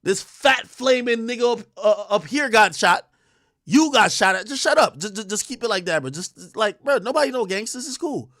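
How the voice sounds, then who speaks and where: A man hosting a livestream, ranting in a profane, confrontational, rapid-fire way. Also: high voice, lively intonation, fairly bright tone, no echo, clean studio sound. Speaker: livestream host. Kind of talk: heated livestream rant.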